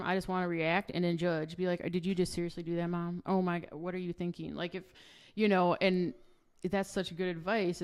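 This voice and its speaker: Lively middle-aged woman hosting a podcast. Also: lowish voice, clean tone. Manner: lively, acts out quoted voices in her stories. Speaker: podcast host. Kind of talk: animated storytelling in conversation.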